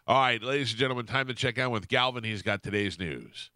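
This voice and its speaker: A man hosting a radio show, telling a story in a casual, animated way and acting out what people said. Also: medium pitch, quick pace, no echo, clean studio sound, faint music behind. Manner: animated, acts out quotes in shifting voices. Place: radio studio. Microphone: studio microphone.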